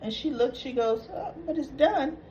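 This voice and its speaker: A woman's voice: high-pitched, animated, normal speed, dark tone, highs cut off, a little hiss or hum. A woman hosting a soap opera recap, retelling scenes in a chatty, opinionated way.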